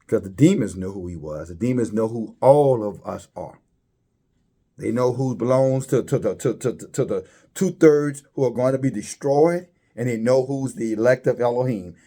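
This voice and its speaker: A man preaching a religious commentary, halting and repeating words, his voice climbing high when he stresses a point. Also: warm tone.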